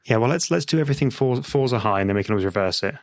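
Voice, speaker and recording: A man's voice: mid-range voice, expressive, racing, dry recording, studio quality. A man playing in a comedy podcast game, rambling and poking fun at himself. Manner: rambling, self-mocking. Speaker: player.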